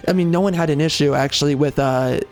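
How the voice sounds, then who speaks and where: A man's voice: a little high, quick pace, a little mellow, soft background music. A man hosting a gaming channel, giving opinionated commentary in a rambling, emphatic way with many fillers and restarts.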